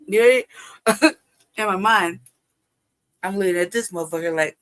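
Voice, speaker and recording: A woman's voice: fairly low pitch, fairly quick, long pauses, a bit bright. A woman hosting a live stream, telling a personal story in casual, profane talk, often laughing and acting out past exchanges. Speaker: livestream host.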